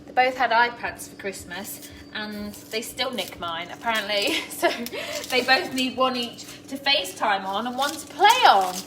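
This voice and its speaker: A woman's voice: fairly high pitch, animated, normal speed, noisy background. A middle-aged woman hosting a live cooking stream from her home kitchen, chatting casually and greeting viewers by name as she works. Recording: echoey kitchen, mic far off, pan clatter.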